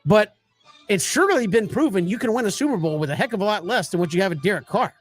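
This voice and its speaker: A man's voice: sits high, expressive, fast, faint music behind. A man co-hosting a sports talk show, chatting casually, laughing easily and poking fun at himself. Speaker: co-host.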